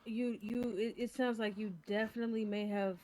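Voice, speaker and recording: A woman playing a calm, polite female doctor in a game role-play, pausing with ums now and then. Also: a little high, dry recording, lightly acted. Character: patient female doctor at a clinic.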